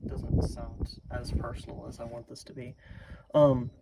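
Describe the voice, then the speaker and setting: A man talks earnestly to his viewers about self-improvement, stumbling through fillers and restarts as he goes. His voice stays fairly flat and level in pitch. Loud vehicle noise runs underneath him the whole time. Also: normal speed, creaky. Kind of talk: casual motivational talk to camera.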